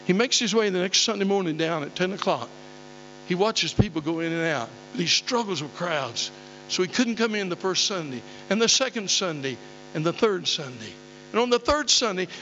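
A man's voice: high-pitched, fairly bright tone. An older man preaching a sermon, telling folksy stories and rising to emphatic calls. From southeastern Oklahoma. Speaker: pastor. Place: church hall. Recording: dull recording in a long-reverb hall, faint hum.

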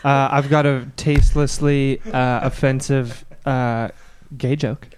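A man co-hosting a casual podcast, telling a crude joke slowly with many pauses and fillers. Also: mid-range voice, flat delivery, a little hiss or hum. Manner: halting, lots of uh fillers.

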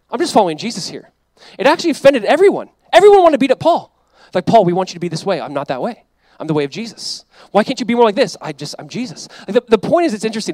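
A man in his thirties preaching a sermon as pastor, animated and emphatic, acting out quoted voices. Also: high-pitched, no echo.

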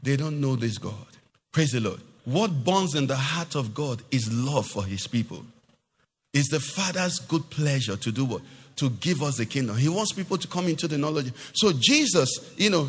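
Male preacher, high lively voice, church hall reverb trailing off. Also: breathy edge. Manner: animated preaching with rhetorical questions to the congregation. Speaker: pastor. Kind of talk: sermon.

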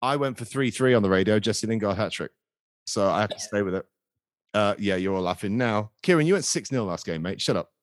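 Man, podcast host, fast, deep-ish voice, dry close sound. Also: animated, no echo. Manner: jokey, swears, quick banter. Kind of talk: casual fan podcast chat.

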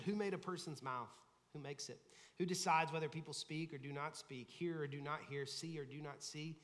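A man's voice: mid-range voice, fairly bright tone, in a large hall. A pastor giving a conversational sermon, acting out the people he quotes. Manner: conversational preaching, acts out quoted voices. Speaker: lead pastor. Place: church sanctuary.

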